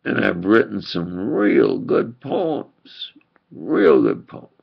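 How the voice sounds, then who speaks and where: An older preacher with a thick New York accent rambles through an insistent, emphatic monologue. His medium-pitched voice is heavily gravelly and husky, his delivery slow and deliberate, and the recording dull and lo-fi.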